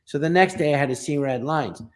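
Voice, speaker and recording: Animated middle-aged male comedian storyteller. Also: a little high, quick pace. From Los Angeles. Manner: animated storyteller, acts out quoted dialogue. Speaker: guest comedian. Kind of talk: storytelling interview.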